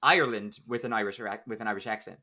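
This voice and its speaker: A man's voice: on the low side, flat delivery, very fast, a bit bright. An American man hosting a podcast in casual chat, playful and laughing often. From United States. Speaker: podcast host.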